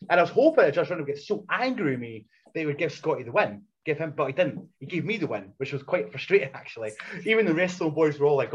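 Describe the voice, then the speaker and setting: A man, a wrestler and coach, telling stories as a podcast guest in a casual, animated way that is full of swearing and restarts. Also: on the high side, quick pace, few pauses, breathy edge. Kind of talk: casual storytelling chat. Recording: muffled lo-fi sound.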